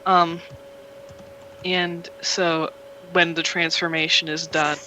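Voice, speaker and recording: Bright, rambling tabletop game master. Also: mid-range voice, level tone, slow pace, a little hiss or hum, low-quality recording. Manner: rambling, filler-heavy storytelling. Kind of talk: narrating a tabletop game over voice chat.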